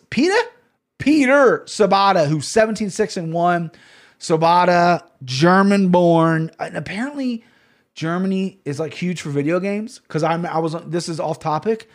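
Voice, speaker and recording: Podcast host, male, high-pitched, brash and profane, rambling betting picks. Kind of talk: casual betting picks monologue.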